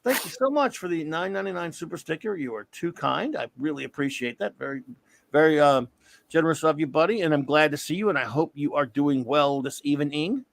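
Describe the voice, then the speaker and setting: A man in his fifties hosting a casual comics talk stream, an animated storyteller who often breaks into laughter. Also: on the high side, a little fast, gravelly, dry recording. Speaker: comics podcast host. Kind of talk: casual live-stream chat.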